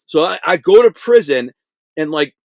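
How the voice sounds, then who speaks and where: A middle-aged man recounts stories in a loose, streetwise way, peppering them with slang and acted-out dialogue. His voice sits a bit high for a man. The recording is dry and close, with no room sound. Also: normal speed, vocal fry, no echo. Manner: animated, streetwise storytelling with slang and acted quotes. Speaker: guest telling prison stories. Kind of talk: casual storytelling interview.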